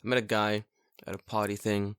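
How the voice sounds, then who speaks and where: A man's voice: on the low side, brisk, smooth, dry recording, studio quality. A young man from England, hosting a casual podcast and telling stories animatedly, swearing freely. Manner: animated storyteller, swears freely, acts out quotes. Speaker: podcast host.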